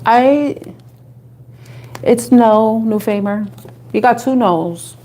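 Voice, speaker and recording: A woman's voice: fairly high pitch, extremely slow. Bronx lady doing a live tarot reading, chatty, laughs a lot, faint hiss and card shuffling. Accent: New York (Bronx). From the Bronx, New York. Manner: chatty, thinks out loud, laughs often. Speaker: tarot reader.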